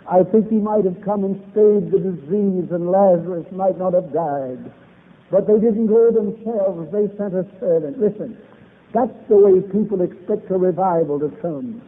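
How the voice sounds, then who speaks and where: A man's voice: high voice, moderate pace. A man preaching a revival sermon, opening with a prayer, in an old-fashioned preaching cadence with biblical phrasing. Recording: tinny phone-like old recording.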